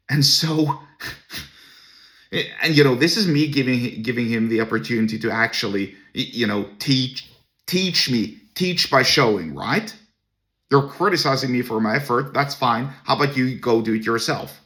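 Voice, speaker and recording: A man's voice: medium pitch, unhurried, pushed and bright. A man hosting a podcast, telling a personal story to camera in a blunt, crude and scornful way. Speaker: podcast host.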